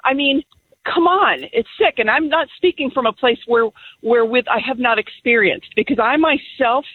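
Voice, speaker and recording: A woman's voice: a little high, a little hiss or hum. Firm woman caller on a tinny phone line. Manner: firm, heartfelt, deliberate. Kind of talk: call-in radio talk.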